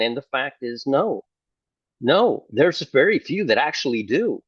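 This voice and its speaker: A man's voice: medium pitch, big pitch swings, measured pace, slightly rough, no echo, dull audio. An older man preaching casually to camera, sarcastic and fond of mocking others in put-on voices. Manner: sarcastic, mimics opponents in mock voices. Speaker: online preacher.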